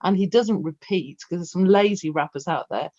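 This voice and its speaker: A fairly low-pitched woman speaks at normal speed in a dry recording made over a video call, the audio dull and lo-fi. She's the featured poet in a casual Q&A about performing poetry, chatty, rambling, and animated as she tells stories.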